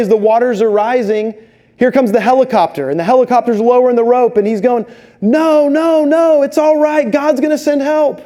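Man, pastor, sermon, high voice, mellow tone, lively storytelling. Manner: animated storytelling, acts out voices in quotes.

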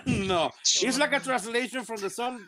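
A man's voice: very high voice, a little slow, a crowd in the background. A man on a live-stream panel, explaining something eagerly with stammered restarts. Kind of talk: casual live-stream chat.

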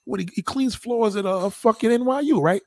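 A man voicing a polite, chatty woman who is buying a car, speaking in a high, mincing voice. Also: fairly quick, no echo, clean studio sound. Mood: inquiring. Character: prim middle-aged woman car buyer, polite.

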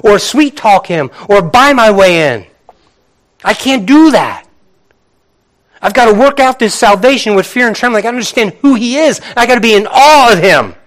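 Middle-aged male pastor, high voice, lively conversational preaching with acted-out asides. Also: normal speed. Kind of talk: sermon.

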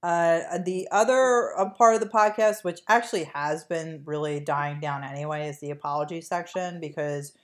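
A woman with a notably low voice and a non-native English accent chats on her podcast. She rambles loosely, full of ums and likes, slipping in deadpan jokes. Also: normal speed, few pauses. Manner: rambling, filler-heavy, joking. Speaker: podcast co-host. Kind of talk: casual chat.

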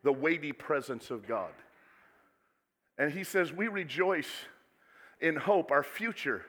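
Male preacher, bright and slightly high, with dramatic swings in volume, recorded in a reverberant hall. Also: animated, slow pace, pauses often. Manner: dramatic swings from soft asides to loud exclamations. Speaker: pastor. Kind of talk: sermon. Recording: echoey hall with long reverb.

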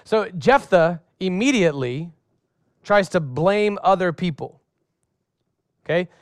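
A man with a high voice preaches a lively sermon, slipping into acted-out voices for comic effect and calling on the congregation to respond. The sound is close and dry, with no room around it. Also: takes it slowly, no echo. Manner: asks the congregation questions and has them respond. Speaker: pastor.

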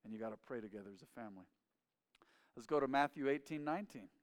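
A man's voice: mid-range voice, fast talker. A man preaching a sermon as a pastor, with emphatic, repetitive phrasing. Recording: long hall reverb.

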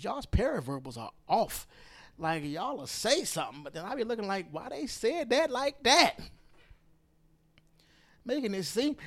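A man delivers a podcast monologue in a fairly high, very animated voice. He hammers his points home by repeating phrases, now loud, now hushed. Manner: emphatic, repeats phrases for stress, swings between loud and hushed. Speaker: podcast host. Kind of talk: opinionated political monologue.

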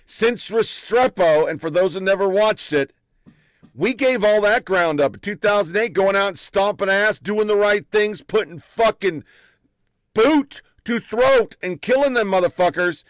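A man telling army stories in a blunt, profane, animated way. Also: sits high, measured pace, no room sound. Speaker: army veteran recounting stories. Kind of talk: profane casual storytelling.

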